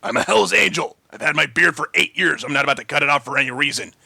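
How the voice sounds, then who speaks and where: A man voicing a gruff, irritable middle-aged biker in a storybook reading, grumbling and exasperated. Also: on the high side, lively intonation, quick pace, sharp tone, no room sound, heavily acted. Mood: irritated.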